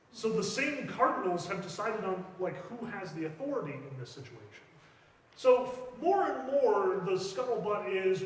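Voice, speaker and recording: A man's voice: high voice, fairly bright tone. Chatty man lecturing in an echoey hall. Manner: chatty, jokey, acts out historical figures in quick asides. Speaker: church teacher. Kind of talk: casual history lecture. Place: church hall. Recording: echoey hall, mic far off.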